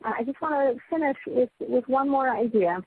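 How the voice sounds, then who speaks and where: A woman's voice: high-pitched, fairly quick, phone-quality sound, a little hiss or hum. A woman teaching a Torah class to a small group. She is earnest and emphatic, often restarts her phrases and checks in with her listeners. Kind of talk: spiritual lecture to a small group.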